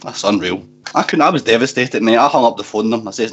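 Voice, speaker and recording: A man's voice: medium pitch, animated, quick pace. A man on a casual radio phone-in, telling stories with mock outrage. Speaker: panelist. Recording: dull lo-fi online call audio.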